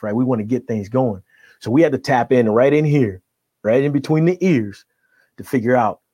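A middle-aged man speaks as a guest life coach, full of motivational energy. He punctuates nearly every point with "right?". His voice sits at an ordinary pitch and sounds dry and close. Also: darkish tone, breathy edge, no echo. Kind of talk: motivational conversation.

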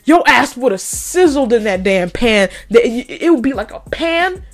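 A woman's voice: a little high, lively intonation, measured pace, soft background music. A woman hosting a podcast, ranting in a profane, mocking way and laughing often. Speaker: podcast host. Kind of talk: ranting commentary.

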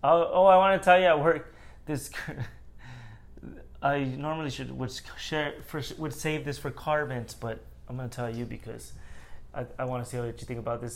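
A young man co-hosting a casual podcast, telling a work story and acting out the people in it. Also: mid-range voice. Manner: animated storyteller, acts out quotes. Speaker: podcast co-host. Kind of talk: casual chat.

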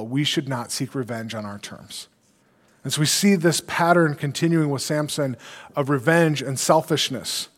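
A man's voice: a little high, long reverb tail. A male pastor delivering an earnest sermon, quoting scripture and asking rhetorical questions.

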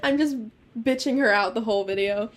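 A woman's voice: on the high side, fairly quick. A young woman co-hosting a casual podcast, laughing often and swearing freely as she tells stories. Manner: giggly, swears a lot, animated storytelling. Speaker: podcast co-host. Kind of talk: casual chat.

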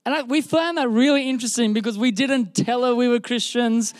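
High-voiced Australian pastor preaching. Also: male voice, a little fast, no echo. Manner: animated, self-deprecating, frequent restarts. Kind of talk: sermon with storytelling. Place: church service.

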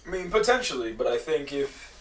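A man co-hosts a casual podcast and lays out his argument with care. His voice has a middle pitch. He is heard from away from the mic, in a room with a noticeable echo. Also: very animated, fairly quick, distant mic. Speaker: podcast co-host. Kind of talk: casual chat.

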